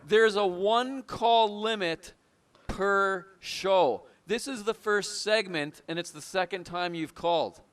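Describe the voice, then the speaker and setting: Loud bragging call-in host guy, high clean voice, picks fights with callers. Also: clear, resonant tone. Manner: bombastic, blustering, quick to argue. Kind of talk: comedic call-in show, playing a patriotic American trucker.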